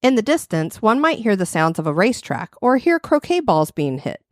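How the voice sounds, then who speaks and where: A woman co-host reads a scripted passage in a measured, descriptive manner. Her voice sits at a middle pitch, and the sound is dry and close to the mic. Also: very animated, dry recording. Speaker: podcast co-host. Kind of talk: scripted narration.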